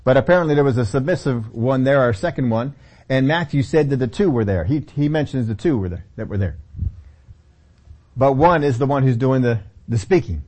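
A man's voice: medium pitch, lively intonation, fairly quick, darkish tone. A man teaching a Bible study sermon in a conversational way, often repeating key phrases.

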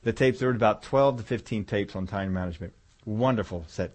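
A man's voice: lowish voice, fairly quick, a little mellow. A man preaching a sermon in a folksy, conversational way, rambling a little as he tells a story to his congregation.

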